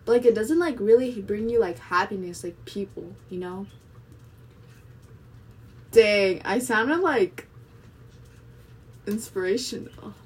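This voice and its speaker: A woman's voice: mid-range voice, slow pace, pauses often. Chatty young woman rambling with fillers. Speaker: vlogger. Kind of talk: casual monologue vlog. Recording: voice a bit distant from the mic.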